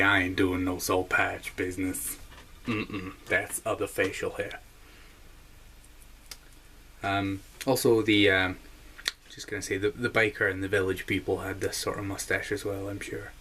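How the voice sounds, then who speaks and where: A man rambles through a comic monologue in a dry, deadpan way, full of hesitations. His voice is low and bright, and he takes his time. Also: slight background noise. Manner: deadpan, rambling, many fillers. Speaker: comedy vlogger.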